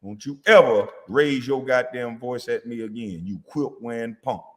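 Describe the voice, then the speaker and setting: A man's voice: mid-range voice, normal speed, big-room sound. A man, a former basketball player, delivering a heated, profane, confrontational rant at a critic. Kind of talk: angry rant.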